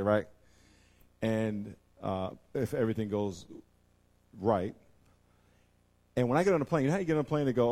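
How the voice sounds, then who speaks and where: Male pastor, sermon, medium pitch, dynamic delivery with big swings from hushed to fired-up. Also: brisk, long pauses. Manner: animated, swings between hushed asides and loud excited bursts.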